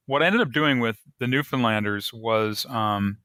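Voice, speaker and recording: Bright dry-voiced male author. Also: medium pitch, a little fast, hardly any pauses, dry recording. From United States. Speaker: author guest. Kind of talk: podcast interview.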